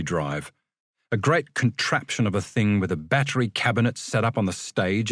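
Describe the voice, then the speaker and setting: Lively male audiobook narrator. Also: on the low side, normal speed, no room sound, clean studio sound. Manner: expressive, lively storytelling. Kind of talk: scripted storybook narration.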